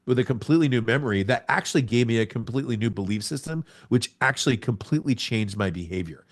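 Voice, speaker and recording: A man in his forties, a podcast guest, telling a personal testimony in a lively storytelling way with sound words. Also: medium pitch, fast talker. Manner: animated storyteller, acts out scenes with sound words.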